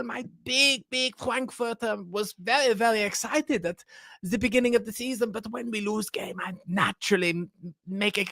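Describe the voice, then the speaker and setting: A man doing an impression of an excuse-making football manager, speaking slowly in halting broken English. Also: creaky, a bit bright, no room sound, studio quality, heavily acted. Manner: high-pitched, slow, halting broken English.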